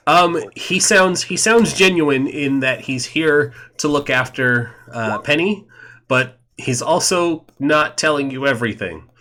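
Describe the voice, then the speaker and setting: Bright-voiced male game master. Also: a little high, measured pace, slight background noise. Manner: rambling, many fillers. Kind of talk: narrating a tabletop game.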